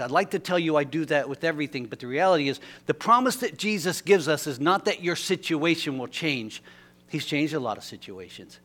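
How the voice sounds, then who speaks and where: Man, pastor, sermon, animated storytelling, fairly high voice, loud then hushed. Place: church sanctuary.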